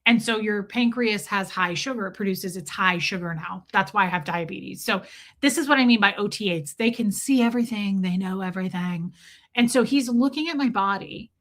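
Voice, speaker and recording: A woman's voice: medium pitch, normal speed, fairly bright tone. A woman hosting a livestream, telling a story in a candid, chatty way, swearing freely and answering viewer comments. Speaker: livestream host.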